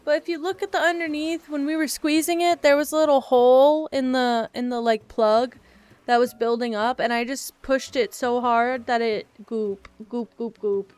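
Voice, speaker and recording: A woman's voice: high-pitched, fairly even intonation, normal speed, darkish tone, clean tone, no echo. A young woman chatting casually while playing a game, rambling and repeating silly words. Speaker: gaming vlogger. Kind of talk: casual chat while gaming.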